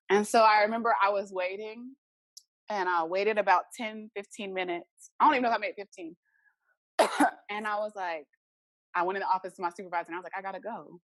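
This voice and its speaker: A woman's voice: mid-range voice, fairly even intonation, brisk, a bit bright, no echo. A young adult woman, a podcast guest, earnestly telling a personal story and acting out the remembered dialogue.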